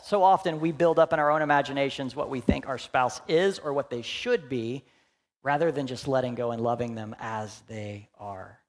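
A young adult male pastor with a fairly high voice preaches a sermon, animated and humorous, before dropping into hushed, earnest asides.

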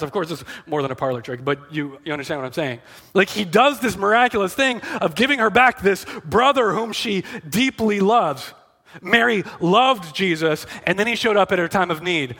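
A man delivers a conversational sermon, earnest and emphatic, often reaching for "like" as he talks. His voice sits high and sounds bright and forward. The sound carries a long hall reverb. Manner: earnest, emphatic, filler-heavy. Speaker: preacher.

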